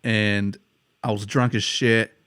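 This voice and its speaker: A man's voice: lowish voice, little pitch movement, takes it slowly, fairly bright tone, clean tone, no echo, studio quality. A young man from the United States co-hosting a podcast, chatting casually with lots of swearing and laughter. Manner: swears a lot, laughs while telling stories. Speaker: podcast co-host. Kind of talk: casual chat.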